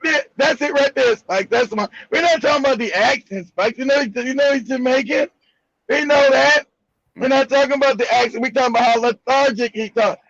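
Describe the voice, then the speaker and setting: A man hosting a live online talk show, bantering loudly with jokes and profanity. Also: very high-pitched, brisk, vocal fry. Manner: loud, joking, profane banter. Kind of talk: casual chat. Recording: muffled lo-fi stream audio.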